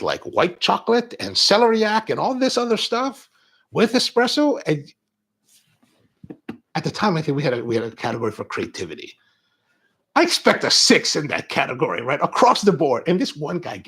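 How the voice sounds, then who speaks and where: A man hosting a coffee show, chatting with viewers and telling animated stories. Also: fairly high pitch, breathy edge. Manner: animated storytelling, acts out quoted exchanges. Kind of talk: live-stream chat with viewers.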